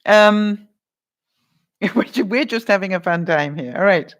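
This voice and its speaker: A woman's voice: mid-range voice, unhurried. A woman vlogger chatting casually on a live stream, laughing often as she runs a movie-quote quiz and answers viewer comments.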